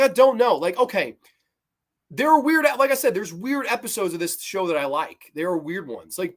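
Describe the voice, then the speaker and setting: A man hosting a casual show where he ranks cartoon episodes, talking in a rambling, enthusiastic way and quoting scenes. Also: a little high. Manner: rambling, enthusiastic, quotes scenes in loose voices. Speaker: host of a cartoon review show. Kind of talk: casual episode ranking commentary.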